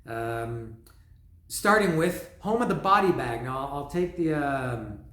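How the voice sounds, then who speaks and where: A man's voice: medium pitch, expressive, a little slow, a bit bright, roomy sound. A man reviewing an album in a loose, rambling monologue, often restarting his sentences. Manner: rambling, many restarts and fillers, raps lyrics along. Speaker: music vlogger.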